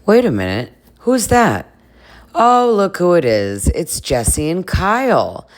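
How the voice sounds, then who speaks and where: Low voiced lady gossiping about her show, super animated, laughs a lot. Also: slow. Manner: chatty, gossipy, laughing asides. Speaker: recap vlogger. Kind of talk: casual reality-show recap.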